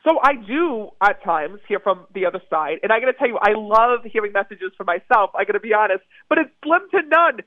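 A man's voice: high-pitched, lively intonation, brisk, hardly any pauses, no echo. A man, a medium, telling stories eagerly in a phone-in interview and repeating words for emphasis. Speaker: psychic medium guest. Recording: tinny phone line.

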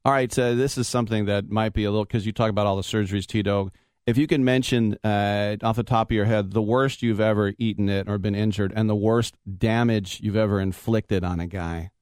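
Sports talk host, a man with a smooth, lowish voice, dry studio sound. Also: steady tone, fairly quick, darkish tone, no echo. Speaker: radio host. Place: radio studio.

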